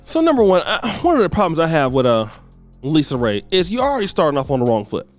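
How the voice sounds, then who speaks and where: A man's voice: on the high side, wildly swooping pitch, fast talker, soft background music. A man hosting a celebrity gossip show, giving blunt, scolding commentary full of slang. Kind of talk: ranting commentary.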